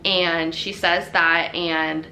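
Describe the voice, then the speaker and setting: A woman's voice: on the low side, little pitch movement, very slow, bright, forceful tone, slight background noise. A young woman telling her own story in a chatty, casual way, full of fillers.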